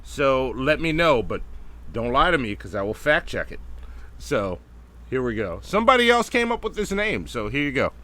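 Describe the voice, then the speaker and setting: A man's voice: medium pitch, very animated, moderate pace, pushed and bright. A man co-hosting a casual livestream talk show, joking loosely and laughing often. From New Orleans, Louisiana. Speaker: podcast co-host.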